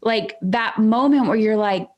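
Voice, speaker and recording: A woman's voice: on the high side, a little slow, a little mellow. A woman hosting a podcast, asking questions in a reflective, encouraging way with frequent "like" and "um". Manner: reflective, encouraging, many fillers like "like" and "um". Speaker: podcast host. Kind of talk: casual podcast interview.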